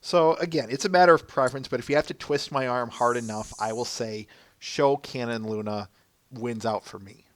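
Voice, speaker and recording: A man's voice: mid-range voice, normal speed. A man co-hosting a casual podcast chat, articulate and opinionated. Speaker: podcast co-host.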